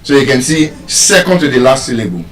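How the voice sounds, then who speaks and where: A man's voice: mid-range voice, sing-song, brisk, fairly bright tone. A man with a Nigerian accent teaching pronunciation in a live lesson, stretching out and repeating example words. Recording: echoey room, far from mic.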